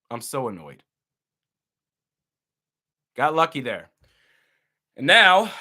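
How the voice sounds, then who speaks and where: A young man giving live reaction commentary on a football game as a fan, animated and exasperated, with loud outbursts. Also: mid-range voice.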